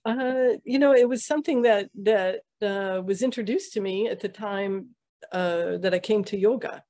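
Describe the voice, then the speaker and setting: Gravelly-voiced woman, halting storyteller. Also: medium pitch, mellow. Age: middle-aged. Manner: halting, many fillers and restarts. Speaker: interview guest, Ayurvedic practitioner. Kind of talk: conversational storytelling.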